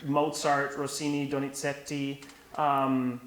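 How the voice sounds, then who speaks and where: A young man from Canada, an opera singer, telling stories in an animated interview manner. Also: mid-range voice, takes it slowly. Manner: animated storyteller who laughs while telling anecdotes. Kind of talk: conversational interview. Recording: echoey room with faint hiss.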